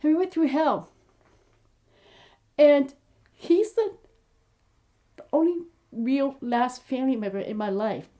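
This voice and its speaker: A woman's voice: high-pitched, slow pace, long pauses, mellow. A woman in her fifties, an aspiring actor talking in a casual personal vlog, earnest and rambling with heartfelt asides. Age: 50s.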